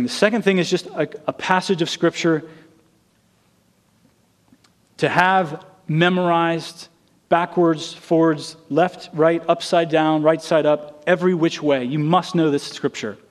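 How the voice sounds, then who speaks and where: Earnest male preacher, slightly high voice. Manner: earnest storytelling, acting out quoted lines. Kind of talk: sermon.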